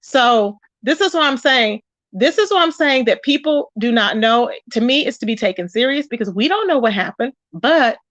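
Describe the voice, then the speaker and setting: A woman's voice: high-pitched, fairly bright tone, no echo, muffled recording. A woman hosting a casual livestream gossip chat, greeting viewers by name and calling them child and baby. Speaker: livestream commentary host.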